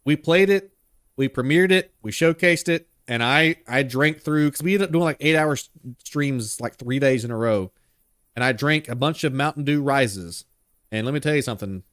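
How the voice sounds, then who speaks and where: A man's voice: medium pitch, normal speed, a bit bright, no room sound, studio quality. A man hosting a live horror game stream. He talks casually, rambles, jokes and laughs a lot.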